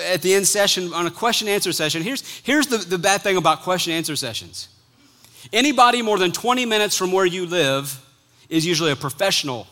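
A middle-aged male pastor preaches with a bright, slightly high voice. He is animated and acts out quotes, then drops suddenly quiet on key words. His tone has a forceful edge. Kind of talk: sermon.

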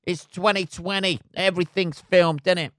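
Sweary podcast host, sarcastic rambler, a bit high-pitched, smooth, dry close mic. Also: male voice, steady tone, normal speed, fairly bright tone, dry recording. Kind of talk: casual solo podcast rant.

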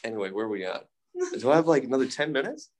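A young man talks rapid-fire about his own life at a recovery meeting, animated and self-mocking, swearing freely and filling his speech with fillers. His voice is medium-pitched with a darkish tone.

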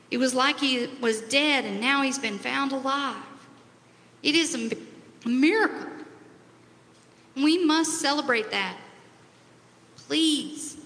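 A woman voicing a gentle aging father who speaks slowly and tenderly. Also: high voice, pitched above the performer's own voice, full character voice. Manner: slow, tender, soft-spoken. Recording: long hall reverb.

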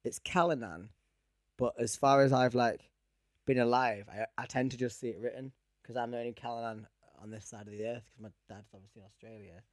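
A man's voice: medium pitch, fairly even intonation, fairly quick, no room sound, clean studio sound. A young man co-hosting a podcast in casual chat, rambling and laughing often. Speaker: podcast co-host.

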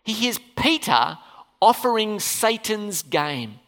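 Lively preacher in a reverberant hall. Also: medium pitch, normal speed. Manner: animated, peppered with questions to the congregation. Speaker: pastor. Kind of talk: sermon.

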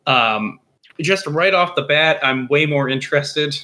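A man co-hosting a casual anime discussion podcast, animated and hesitant, often restarting his sentences. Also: on the high side, a little slow. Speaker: podcast co-host.

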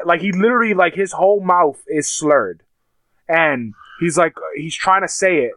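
A man's voice: high-pitched, normal speed, a bit bright, no room sound. A man telling a heated story in casual chat, swearing often and acting out what others said.

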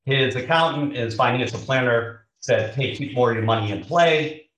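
A man's voice: medium pitch, normal speed, a bit bright, natural voice. A man quoting a doubtful male listing agent in his own voice, heard from a distant mic in a roomy space.

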